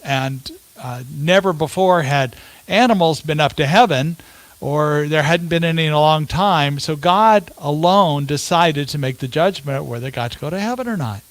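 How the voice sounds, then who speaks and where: Brief: male minister, fairly high voice, relaxed storyteller, dry close sound. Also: no room sound. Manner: unhurried storytelling with rhetorical questions. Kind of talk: sermon.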